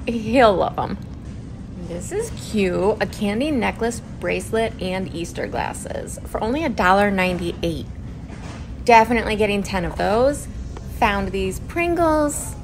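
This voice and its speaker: Chatty upbeat mom vlogging, noisy background. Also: female voice, medium pitch. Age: 40s. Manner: chatty and upbeat, lists items out loud. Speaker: vlogger mother of a large family. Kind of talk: casual shopping vlog chat.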